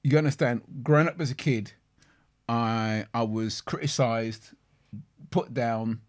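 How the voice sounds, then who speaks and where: A man's voice: medium pitch, measured pace. A man co-hosting a casual podcast chat, telling stories animatedly and often repeating words. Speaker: podcast co-host.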